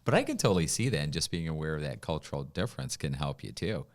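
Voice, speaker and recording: A man's voice: rumbling low, sing-song, fast. A man hosting a casual interview, chatty and agreeable, reacting readily to his guest. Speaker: host of a real estate talk show.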